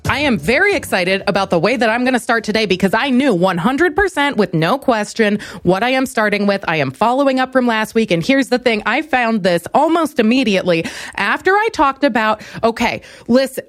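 A young woman hosting a comedic solo podcast, ranting theatrically and jumping into loud, high outbursts. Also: no room sound, studio quality. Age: young adult. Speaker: podcast host.

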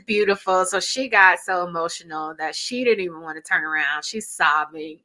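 Chatty woman with a low voice. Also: expressive, brisk, bright, forceful tone, soft background music. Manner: chatty, emphatic, laughs often. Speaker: commentator reacting to videos. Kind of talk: casual reaction commentary.

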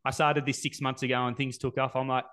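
A man in his forties hosting a casual interview, speaking warmly with many ums and restarts. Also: mid-range voice, little pitch movement, fast talker. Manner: warm, hesitant, many ums. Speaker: interviewer, fitness coach.

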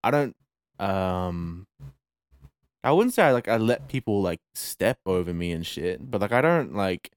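A man's voice: sits low, animated, unhurried, clean tone, dry recording, clean studio sound. A man in a casual podcast chat, laid-back and mumbling, swearing freely.

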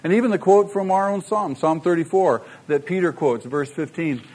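A man's voice: fairly high pitch, normal speed, darkish tone. A middle-aged man preaching a sermon, emphatic and full of rhetorical questions to the congregation. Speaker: pastor.

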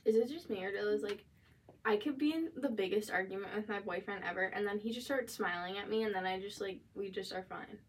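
A young woman co-hosting a podcast in casual chat, talkative and quick to laugh, with lots of fillers. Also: mid-range voice. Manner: chatty, laughs easily, many "like" fillers. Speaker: podcast co-host. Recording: voice a bit distant from the mic.

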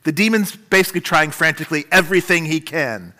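Male pastor, bright, slightly high voice, animated sermon delivery. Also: quick pace. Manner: animated preaching, dramatic shifts in pitch and volume.

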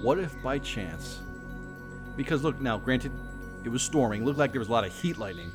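A man's voice: medium pitch, expressive, normal speed. A man co-hosting a comedy podcast in casual, playful, theatrical chat, with music behind. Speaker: co-host.

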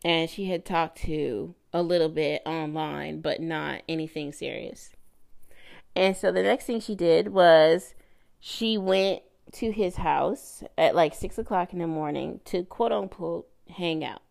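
A woman with a lowish, gravelly voice tells a personal story on her podcast. She talks casually and animatedly, laughing as she goes and putting on voices for the people she quotes. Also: unhurried, darkish tone. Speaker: podcast host.

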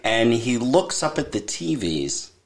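Animated male podcast co-host. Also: mid-range voice, unhurried. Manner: animated storytelling, slips into quoted voices. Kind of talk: casual chat.

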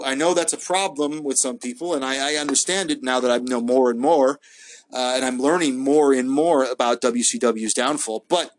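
A man casually reviewing wrestling episodes on his own show, rambling and hesitant, full of fillers and restarts. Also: medium pitch. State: high. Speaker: wrestling podcast host.

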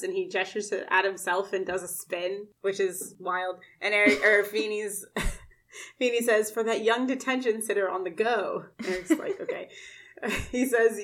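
Woman, podcast co-host, casual, animated, laughing, middle pitch. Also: moderate pace. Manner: animated, quotes characters in her own voice, laughs often. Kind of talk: casual recap chat.

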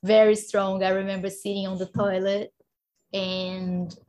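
A woman in her thirties telling her birth story in a casual chat, lively and often laughing. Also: medium pitch, unhurried. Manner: animated, laughing, acts out quoted voices.

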